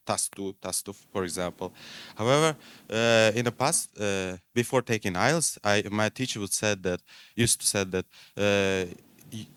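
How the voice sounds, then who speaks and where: A man asking a panel a question, halting with many fillers. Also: lowish voice, clean tone. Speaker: audience member asking a question.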